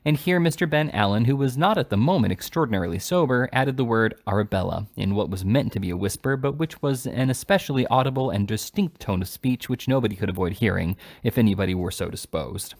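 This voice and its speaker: A man reading a classic novel aloud in an expressive storytelling manner. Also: mid-range voice, quick pace, hardly any pauses. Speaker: audiobook reader.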